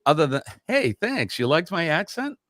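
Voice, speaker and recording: A man's voice: a little high, big pitch swings, normal speed, a bit bright, no room sound, studio quality. A man hosting a casual live quiz stream, reading viewer comments aloud in an upbeat way.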